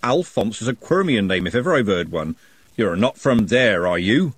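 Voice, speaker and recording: A man voicing a grinning, nosy baker, teasing and chatty, his voice raised and bouncing about. The sound is dry and husky. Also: fairly low pitch, very animated, moderate pace, no room sound.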